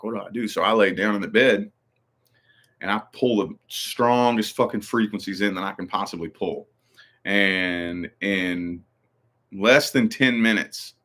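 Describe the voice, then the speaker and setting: A man in his twenties or thirties chats to his viewers in a rambling, profane way. He jumps between stories with lots of animated asides. His voice is on the lower side. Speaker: channel host. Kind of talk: casual livestream chat.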